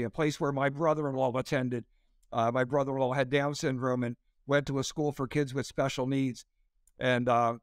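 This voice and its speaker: A man's voice: mid-range voice, no room sound, clean studio sound. A man in his sixties, a pastor and comedian, telling a story as an interview guest and acting out the quotes with a raised voice.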